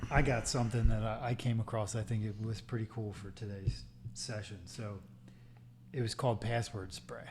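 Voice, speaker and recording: A man's voice: on the low side, steady tone, moderate pace, a little mellow, slight background noise. A man co-hosting a podcast, explaining step by step in casual chat. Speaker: podcast co-host.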